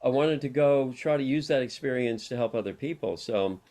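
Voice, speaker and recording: A man's voice: mid-range voice, normal speed, dark tone. A middle-aged man talks as a guest on an interview show. He tells long, wandering personal stories in a casual way and laughs often between them. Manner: rambling, anecdotal, laughs often. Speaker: interview guest, harm reduction worker.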